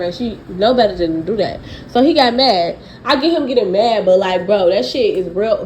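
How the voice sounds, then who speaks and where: A young woman, giving blunt, profane, animated celebrity gossip commentary. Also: on the high side, a little hiss or hum, low-quality recording.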